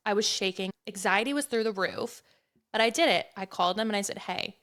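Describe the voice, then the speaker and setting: A woman's voice: medium pitch, quick pace, fairly bright tone. A woman hosting a podcast, talking in a heartfelt, reflective way in casual conversation. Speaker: podcast host.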